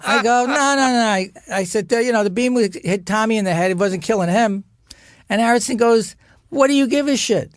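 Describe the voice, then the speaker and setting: Talking a little fast, a man who is a guest actor tells show business stories in a relaxed chat, animated and laughing frequently. He voices the quotes in a higher pitch, and the clean studio sound has no echo.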